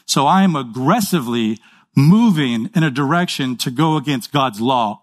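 A man's voice: medium pitch, animated. A man preaching a sermon in a conversational way, checking in with his listeners and acting out short dialogues. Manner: acts out little dialogues in quick voices. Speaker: pastor.

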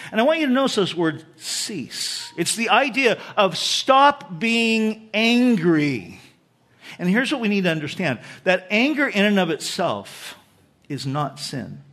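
Here a high-voiced male pastor preaches with lots of animation. His sermon stays conversational, and he turns aside now and then to speak directly to the congregation.

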